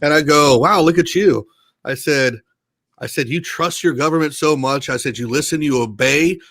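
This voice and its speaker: A man's voice: a little high, normal speed, fairly bright tone. A man who is a podcast guest, ranting indignantly and with plenty of swearing in a casual group chat.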